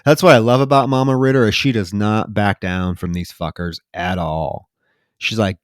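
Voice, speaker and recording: A man's voice: lowish voice, moderate pace, no room sound. Man animatedly retelling a film, dry sound. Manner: animated retelling with loud shouted quotes of film lines. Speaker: podcast co-host. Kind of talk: casual film-review chat.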